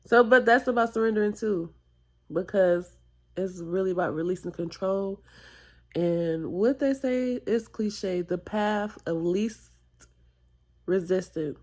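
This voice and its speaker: A tearful woman vlogging a personal confession, halting and reflective, with sighs and whispered asides. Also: medium pitch, darkish tone. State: tearful, close to crying.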